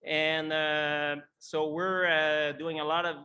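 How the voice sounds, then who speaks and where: A middle-aged man with a French Canadian accent speaks to an industry audience in a high, bright voice. He talks in halting English, full of fillers and restarts, as a native French speaker presenting slides. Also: flat delivery. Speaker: conference speaker. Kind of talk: conference presentation.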